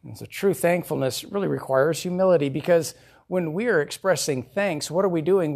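A man's voice: fairly high pitch, a little mellow. A male pastor preaching a sermon in a conversational way, asking his congregation questions.

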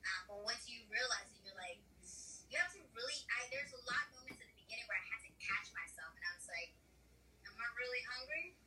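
A woman's voice: fairly high pitch, lively intonation, fast, pushed and bright, reverberant. A young woman from the United States, chatting candidly and giving herself pep talks in quoted asides. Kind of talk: casual chat. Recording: slightly distant mic with faint noise.

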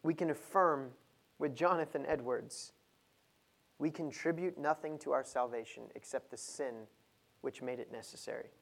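Guy giving a sermon, measured then loud and pushing hard. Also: vocal fry. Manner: builds from low and measured to loud and emphatic. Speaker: preacher.

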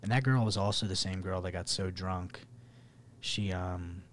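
A young man, co-hosting a podcast and telling dating stories in a casual, profane, animated way. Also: low voice, normal speed, slight background noise. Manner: profane, animated, laughing storyteller. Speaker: podcast co-host. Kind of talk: casual storytelling.

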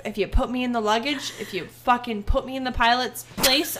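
A young woman co-hosting a podcast, telling a travel story in an animated, exaggerating way with plenty of swearing. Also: a little high, normal speed, hardly any pauses, noisy background. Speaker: podcast co-host. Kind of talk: casual storytelling chat.

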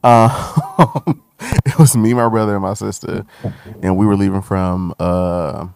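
A young man with a low, gravelly voice tells a personal story in candid podcast conversation. He talks loosely and swears freely. His voice rises and grows heated when he replays moments of anger. The sound is close and dry. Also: unhurried, no echo. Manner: loose, profane, animated when retelling anger. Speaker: guest.

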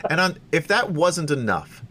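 A man's voice: a little high, very animated, normal speed, pushed and bright, slight background noise. A man hosting a tabletop game podcast, joking and laughing often with his players. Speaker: game master. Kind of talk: casual podcast banter running a tabletop game.

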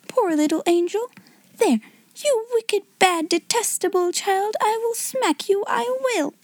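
A woman voicing a flustered, helpless plump schoolmistress who talks excitedly and whimpers. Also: very high voice, fast talker, no echo, pitched above the performer's own voice. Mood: frantic. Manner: excitable, veering between coaxing and scolding, whimpering.

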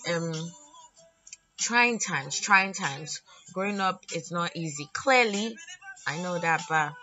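Woman podcast host, lowish voice, earnest and reflective, muffled lo-fi sound. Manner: reflective, earnest, slightly preachy. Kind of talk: casual solo podcast chat. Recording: dull lo-fi audio with music underneath.

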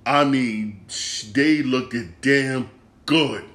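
A man's voice: medium pitch, extremely slow, a bit bright. A man hosting a sports podcast, ranting about a football loss, upset and swearing, repeating himself often. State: upset and disgusted. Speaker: podcast host. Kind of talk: casual sports rant.

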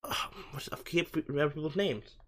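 A man co-hosting a podcast, talking over a film in a casual, rambling way, full of "like" and restarts, and often getting excited. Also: a little high, quick pace. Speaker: podcast co-host. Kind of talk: casual movie-review chat.

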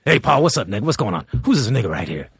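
A man's voice: mid-range voice, sing-song, rapid-fire, gravelly, husky, no echo, clean studio sound, voice pushed down, heavily acted. A man putting on the voice of a brash, crude older man with a swaggering, cocky delivery.

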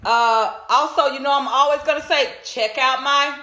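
Chatty high-voiced woman podcast host. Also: steady tone, moderate pace, bright, forceful tone, a little hiss or hum. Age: middle-aged. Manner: chatty, greets viewers by name. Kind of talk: casual livestream chat. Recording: echoey room.

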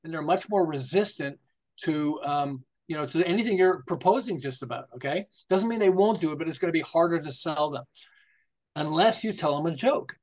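Talking a little fast in a slightly high voice, this man in his 60s or older is a marketing consultant appearing on a podcast. He spins stories and jokes with frequent laughter, animated and conversational.

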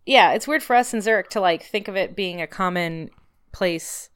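A woman co-hosting a podcast in casual comedic banter, joking deadpan. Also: medium pitch, normal speed, clear, resonant tone, dry recording. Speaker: podcast co-host.

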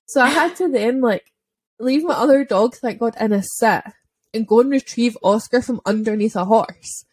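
A woman's voice: a little high, moderate pace, husky, no room sound. A woman telling a dog-walking story in a casual podcast chat, chatty and full of "like" fillers. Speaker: dog owner and podcast speaker.

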